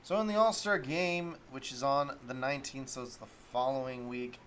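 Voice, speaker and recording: A man with a medium-pitched, fairly bright voice talks at a moderate pace on his solo sports talk stream. He rambles easily, thinking out loud while digging up stats, and there's a faint hiss or hum.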